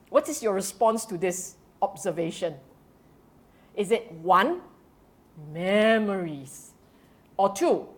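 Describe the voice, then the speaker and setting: A woman's voice: medium pitch, slow, long pauses. A woman with a Singaporean English accent giving a Buddhist Dhamma talk to a congregation, quizzing the audience and dropping in colloquial particles. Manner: animated, keeps quizzing the audience; drops in colloquial particles and laughs.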